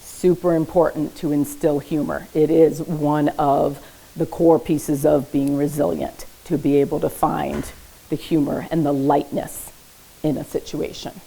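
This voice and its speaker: A woman's voice: sits low, little pitch movement, unhurried, gravelly, mellow, slightly rough, poor audio. A woman therapist giving a casual parenting talk at a library event. She speaks conversationally, keeps checking in with the audience with "okay?", and adds light humor. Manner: uses light humor while teaching. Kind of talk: informal educational presentation. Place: public library event room.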